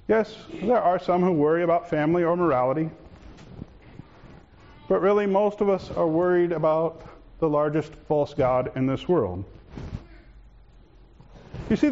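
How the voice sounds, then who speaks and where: A man preaching a sermon as pastor, swinging between raised, urgent lines and hushed, calm ones. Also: a little high, lo-fi sound, a little hiss or hum.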